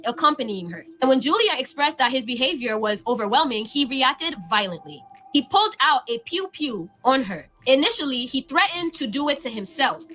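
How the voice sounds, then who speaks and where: Bright, high-voiced woman telling spooky stories. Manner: lively, animated narration. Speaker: storyteller. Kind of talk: spooky story narration.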